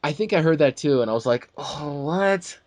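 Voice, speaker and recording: A male co-host of a casual movie talk show rants animatedly with many restarts, acting out quotes and throwing in quoted asides. His voice is fairly high and fast, with no room sound.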